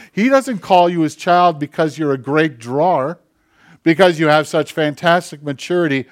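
Older guy preaching, voice sits a bit high, goes soft and hushed then punches it up loud. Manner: swings from hushed near-whispers to loud emphatic preaching; acts out quoted voices in soft tones. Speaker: pastor. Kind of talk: sermon.

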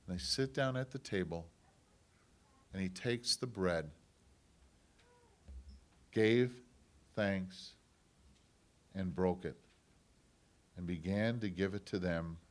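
A man preaching a sermon, moving between loud, impassioned lines and hushed, near-whispered quotes of God speaking. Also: low voice, takes it slowly, long pauses. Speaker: pastor.

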